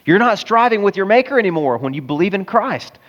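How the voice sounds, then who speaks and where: A man's voice: high voice, sing-song, brisk, a bit bright, lo-fi sound. A man with a Southern American accent preaching a sermon in a conversational, emphatic style full of rhetorical questions. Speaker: pastor.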